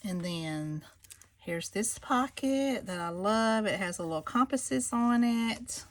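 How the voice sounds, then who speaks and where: A woman's voice: mid-range voice, expressive, takes it slowly. A chatty woman, gushing as she shows off her handmade planners in a casual vlog. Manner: gushing, chatty, addresses viewers as y'all. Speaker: craft seller showing planners. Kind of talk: casual show-and-tell vlog.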